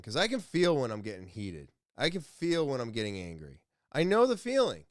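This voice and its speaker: Lively, clear-voiced man talking casually. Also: mid-range voice, no room sound, clean studio sound. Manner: rambling, self-correcting, explaining to listeners. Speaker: podcast host. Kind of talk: casual solo podcast talk.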